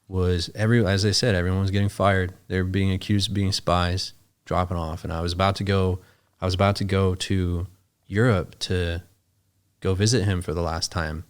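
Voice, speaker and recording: A man with a low, deep speaking voice recounts a story as a podcast guest. He talks casually, circles back, restarts his sentences and swears freely. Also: steady tone, normal speed, smooth. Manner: rambling, self-interrupting, swears freely. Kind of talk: conversational storytelling.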